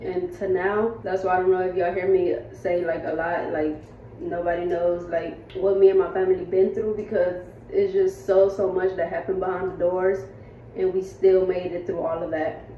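A woman's voice: on the low side, level tone, normal speed, far from the mic, a little hiss or hum. A woman, vlogging in a casual, heartfelt way and talking straight to her viewers in a rented house. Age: 20s. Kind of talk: casual vlog chat. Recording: roomy, slightly dull home audio.

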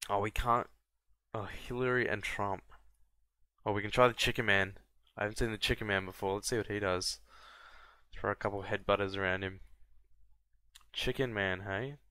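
A man from Australia, casually commentating a strategy game and often breaking into high excited yelps and laughs. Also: normal speed, pauses often, dry recording. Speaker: gameplay commentator. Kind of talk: casual let's-play commentary.

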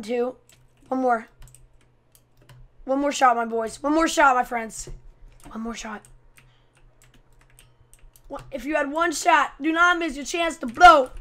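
A woman doing excitable, chatty gameplay commentary with playful trash talk. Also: high-pitched. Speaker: gaming channel host.

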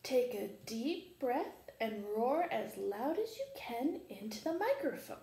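A woman's voice: on the high side, sing-song, a little slow, warm tone, a little hiss or hum. A woman voicing a blunt, unimpressed male lion who gives dry, matter-of-fact retorts, read aloud in a storybook. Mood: deadpan. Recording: echoey room, faint ambience.

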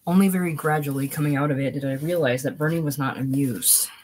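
A man's voice: on the high side, fairly even intonation, quick pace, darkish tone, low-quality recording. A man reading a short story aloud in first-person narration, with a dry, wry storytelling manner. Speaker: audiobook reader.

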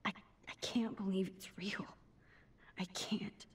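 An actress voicing a shy, anxious teenage girl in a video game, speaking softly and uneasily. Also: medium pitch, steady tone, slow, slightly rough, in a whisper, exaggerated voice. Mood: uneasy.

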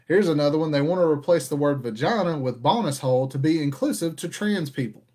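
A man's voice: fairly high pitch, brisk, a little mellow. A man hosting a casual rant, talking in an exasperated, conversational way. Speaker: podcast host.

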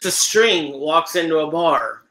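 A man's voice: on the high side, unhurried, sharp tone, rough recording. Male podcast host telling corny jokes. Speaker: show host. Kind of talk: casual chat, telling jokes.

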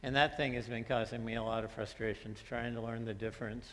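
A man's voice: medium pitch, fairly even intonation, fast talker, a bit bright, a little hiss or hum. A man pastor preaching a sermon in a church, telling stories in a conversational way with frequent fillers. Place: church sanctuary. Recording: long church-hall reverb.

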